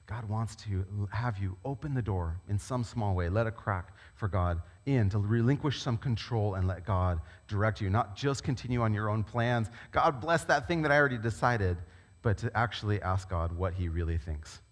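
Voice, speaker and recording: A man preaching a sermon as a pastor, talking in a conversational, animated storytelling way. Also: fairly low pitch, normal speed. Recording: long reverb of a large hall.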